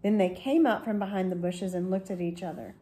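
A woman, a school librarian, reading a children's book aloud slowly and gently. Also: mid-range voice. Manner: slow, gentle storytelling.

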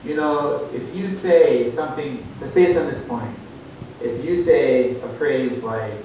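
A man's voice: a little slow, warm tone. Earnest man preaching over a video call. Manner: earnest, exhorting, with rises for emphasis. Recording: echoey, distant, muffled call audio with faint rumble.

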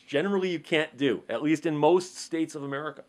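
Higher-voiced man explaining legal rules. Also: fairly quick. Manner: conversational, poses rhetorical questions, acts out courtroom exchanges. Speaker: legal commentator. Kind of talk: explanatory monologue to camera.

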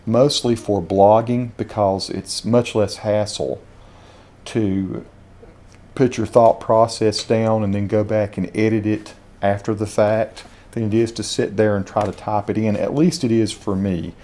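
A man with a Southern Appalachian accent, reviewing dictation software as he speaks punctuation commands aloud. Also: fairly low pitch, flat delivery, a little slow. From Southern Appalachia, USA. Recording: home video.

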